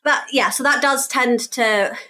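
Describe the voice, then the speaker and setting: A woman's voice: on the high side, a little slow, sharp tone. A woman guest on a podcast, chatting casually in an upbeat, enthusiastic way. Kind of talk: casual panel chat.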